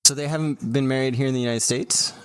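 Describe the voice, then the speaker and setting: A man's voice: mid-range voice, steady tone, fast talker, fairly bright tone, smooth. A man hosting a casual podcast, blunt and teasing, swearing freely. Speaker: podcast host. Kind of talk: casual profane chat.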